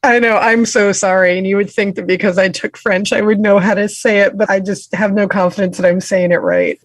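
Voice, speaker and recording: A woman's voice: mid-range voice, animated, fairly quick, dry recording. A woman co-hosting a podcast, summarizing a criminal trial in a chatty, self-deprecating way. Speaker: podcast co-host. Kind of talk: casual true-crime discussion.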